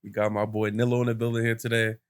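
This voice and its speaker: A man's voice: on the low side, little pitch movement, fast, clean tone. A young man hosting a podcast, retelling a story in casual chat, full of fillers and quoted voices. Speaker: podcast host.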